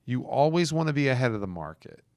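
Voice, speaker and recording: A man's voice: medium pitch, big pitch swings, quick pace, darkish tone, no echo, studio quality. A man hosting a podcast, coaching real estate agents in a casual, emphatic way. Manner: emphatic, coaching listeners directly. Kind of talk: casual advice talk.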